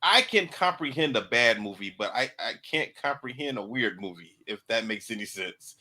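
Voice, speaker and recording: Man, bright forceful voice, podcast host, repeats words when starting. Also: medium pitch, lively intonation, moderate pace. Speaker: podcast host running the board. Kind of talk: casual chat.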